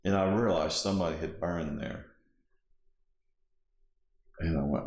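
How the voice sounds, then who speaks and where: Deep-voiced man telling a story, echoey. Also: unhurried, long pauses, darkish tone. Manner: vivid storyteller acting out dialogue. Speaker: interviewee. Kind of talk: personal storytelling.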